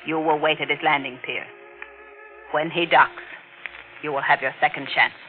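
An actor playing a cold, curt, mysterious veiled figure in black giving orders, in a 1940s-style radio drama. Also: male voice, fairly high pitch, fairly even intonation, normal speed, lightly acted. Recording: tinny old radio broadcast with music.

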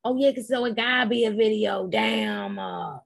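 A young adult woman hosting a live recap show, speaking in a fairly high voice that rambles bluntly and swears freely. She addresses her listeners directly. The recording is close and dry, with no room sound. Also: fairly even intonation, normal speed, vocal fry, no echo. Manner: talks straight to listeners. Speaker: podcast host. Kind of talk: casual live recap chat.

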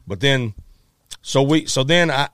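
A middle-aged man, a musician, telling a story in a casual, animated way, acting out quotes with many restarts. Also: medium pitch, measured pace, dry recording, studio quality.

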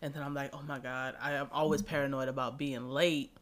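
A woman as a guest in a casual chat, telling stories in a relaxed way and laughing often. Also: very deep voice, brisk, over a noisy crowd.

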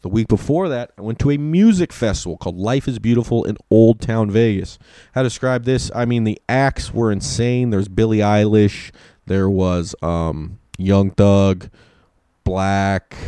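Low-pitched young guy rambling thru a crude funny story, swears a lot, gets worked up, dead dry sound. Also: smooth, dry recording. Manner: rambling, profane, excitable. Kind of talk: casual comic storytelling.

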